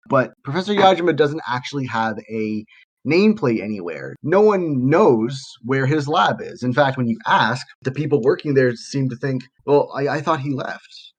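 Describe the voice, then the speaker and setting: A man narrating a tabletop game as game master in a casual, halting way with fillers. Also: medium pitch.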